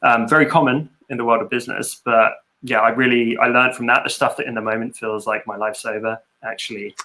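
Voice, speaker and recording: A man's voice: mid-range voice, steady tone, quick pace, sharp tone. A man, hosting a webinar interview in a casual, easygoing way. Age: 30s. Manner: laughs easily, casual. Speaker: host.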